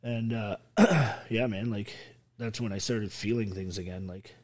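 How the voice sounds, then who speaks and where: Vet guy, swears a ton, blunt and punchy, lowish voice. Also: steady tone, measured pace. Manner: blunt, heavily profane, emphatic. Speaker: guest, army veteran. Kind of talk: casual interview storytelling.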